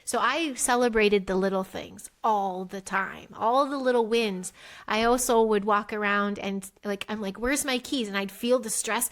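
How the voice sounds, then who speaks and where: A woman's voice: medium pitch, normal speed. A middle-aged woman, a podcast guest, telling her life story candidly, rambling and emotional, acting out her past thoughts in little quoted voices. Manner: rambling, with many restarts and "like" fillers.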